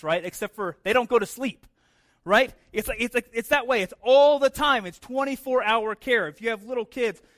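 A man's voice: sits high, bright, forceful tone. A man in his thirties preaching a sermon in a conversational way, often adding "right?" and repeating words as he goes. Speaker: pastor.

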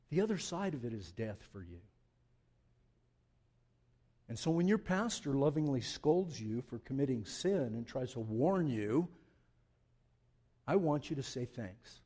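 A pastor delivering a sermon in a high-pitched voice. He pushes hard on his key points, then drops low for conversational jokes with the congregation. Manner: swings from loud emphatic preaching to low asides; joking, conversational.

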